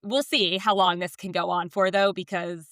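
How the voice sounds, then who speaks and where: Lively, clear-voiced woman podcaster. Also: lowish voice, moderate pace, no echo, clean studio sound. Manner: animated storyteller, acts out voices in quotes. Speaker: podcast co-host. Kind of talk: casual chat.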